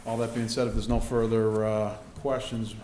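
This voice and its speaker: A man with a low, level voice speaks at a council meeting, winding through his points with many restarts. The sound bounces around a roomy chamber with some faint noise underneath. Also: little pitch movement, moderate pace, warm tone. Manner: rambling, many restarts and fillers. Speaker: city councillor. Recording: echoey meeting-room recording.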